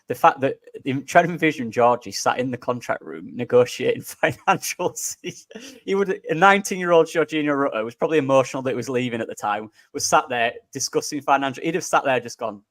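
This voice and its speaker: A man joins a casual football podcast as a guest, tossing in jokey asides. His voice sits at an ordinary pitch. The recording is dry, with no room sound. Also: fast talker, a bit bright, no room sound.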